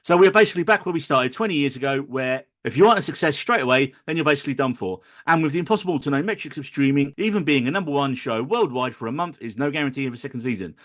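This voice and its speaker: A man's voice: medium pitch, animated, racing, few pauses, fairly bright tone. A man hosting a podcast, reading a sarcastic, ranting intro in a casual way. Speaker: podcast host. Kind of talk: casual chat and scripted intro rant.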